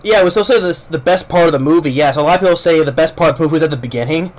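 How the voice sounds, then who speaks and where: A man's voice: fairly high pitch, very fast. A man casually reviewing a film, rambling with many restarts and repeated words, blunt and informal, with casual swearing. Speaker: movie reviewer.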